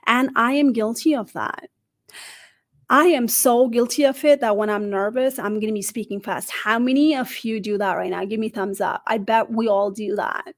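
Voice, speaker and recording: Energetic woman coaching on job interviews. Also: fairly high pitch. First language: not English. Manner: animated, asks the audience questions, often adds "right?". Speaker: career coach. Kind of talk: live-streamed interview advice talk.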